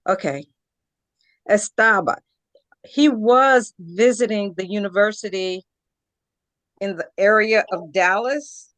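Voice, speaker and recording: A woman's voice: mid-range voice, slow pace, dry recording. A woman student in a Spanish class, reading aloud and answering hesitantly. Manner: hesitant, thinking aloud with fillers.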